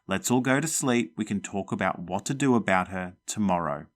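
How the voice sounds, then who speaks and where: A man voicing a shaken but steady father who speaks calmly. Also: fairly low pitch, moderate pace, lightly acted.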